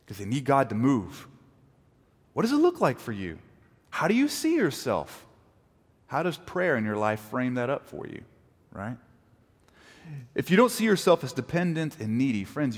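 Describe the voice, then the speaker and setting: A man's voice: medium pitch, breathy edge. Guy preaching a sermon, voice jumps up and down a lot, big echoey church hall. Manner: animated preaching, acts out quoted apologies. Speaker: pastor. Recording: long reverb of a large hall.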